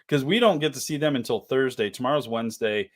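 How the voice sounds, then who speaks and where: Man co-host, relaxed, passes along chat comments, chuckles a lot. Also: medium pitch, moderate pace. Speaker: co-host of a live stream. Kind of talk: casual live-stream chat. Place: office.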